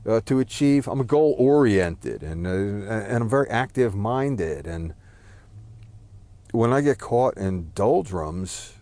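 Deep-voiced man rambling about his life. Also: animated, slow, warm tone, dry recording. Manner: rambling, self-deprecating, swears and apologizes. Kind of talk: personal reflective monologue.

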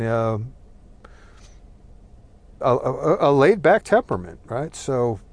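A middle-aged man from New Jersey telling a long, casual, rambling story, swearing freely and checking in with "right?" as he goes. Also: lowish voice. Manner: rambling, profane, with frequent "right?" and "uh". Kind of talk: casual spoken monologue.

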